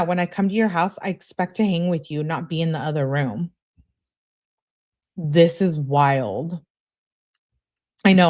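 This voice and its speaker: Casting: woman streamer, slightly low voice, reads message threads aloud with a "she says, he says" lead-in, casual asides. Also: a little mellow. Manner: casual, narrates who says what before each message. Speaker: livestream host. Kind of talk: reading text messages aloud with commentary.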